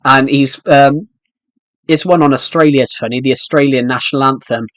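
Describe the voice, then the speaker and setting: A man's voice: medium pitch, fairly even intonation, moderate pace, fairly bright tone, dry recording. A man hosting a gaming channel, chatting casually and rambling, with frequent restarts and fillers. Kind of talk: casual chat over gameplay.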